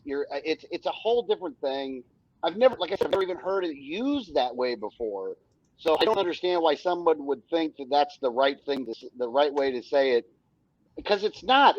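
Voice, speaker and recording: A man's voice: on the high side, no room sound, muffled recording. A male co-host chatting casually, often restarting and repeating words. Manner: hesitant, repeats words while agreeing. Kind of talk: casual chat.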